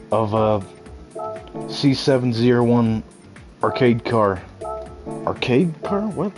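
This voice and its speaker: A young man streaming games, telling a profane story in a casual, animated way and laughing often. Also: mid-range voice, poor audio. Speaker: game streamer.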